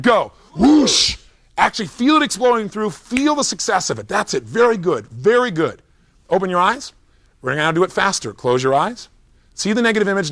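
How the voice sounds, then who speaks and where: A man coaching a seminar crowd through a visualization drill, his voice sitting a little high. He gives firm, coaxing instructions that climb into energetic shouts. The sound is dry and close. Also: no room sound.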